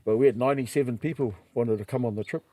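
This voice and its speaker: Speaking rapid-fire in a medium-pitched voice with no room sound, a middle-aged New Zealand man tells casual stories as a podcast guest. He's lively, acts out quoted voices, and laughs along the way.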